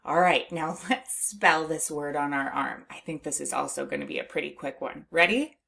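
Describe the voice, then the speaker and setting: Using a deep, bright, forceful voice with vocal fry, a middle-aged woman leads little kids through phonics. She stays patient and encouraging, draws out each word slowly, and gives a light laugh between steps.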